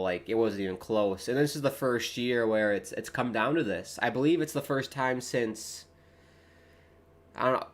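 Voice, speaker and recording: Chatty male streamer calling a match live. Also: fairly low pitch. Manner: chatty, rises excitedly on play-by-play, talks to chat. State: early-morning voice. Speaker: watchalong streamer host. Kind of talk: casual live match commentary.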